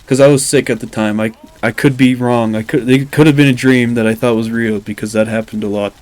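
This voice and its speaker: Young man, mid pitch, casual rambling commentary, filler-heavy, self-deprecating jokes. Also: steady tone, brisk, a little mellow. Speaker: commentary YouTuber.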